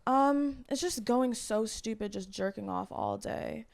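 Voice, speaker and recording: A woman guest on a podcast with a slightly raspy, gravelly voice. She talks in a blunt, teasing way and laughs often through the banter. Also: on the high side, a little slow, darkish tone.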